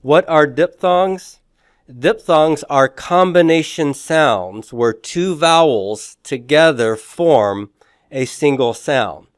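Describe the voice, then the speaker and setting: A man's voice: on the high side, expressive, takes it slowly, clear, resonant tone, no echo, clean studio sound. A man teaching a beginners' Greek lesson, explaining patiently and often checking in with "okay?". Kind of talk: classroom lecture.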